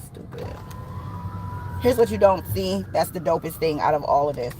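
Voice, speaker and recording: A woman giving a casual tarot reading, animated and slangy, swearing and laughing often. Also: low-pitched, brisk, slight background noise, rough recording. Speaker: tarot reader.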